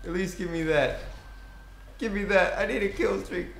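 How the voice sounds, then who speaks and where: A young man giving excitable gameplay commentary, swearing and yelling at the game. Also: high-pitched, normal speed, creaky. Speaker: gaming commentator. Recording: echoey room with faint noise.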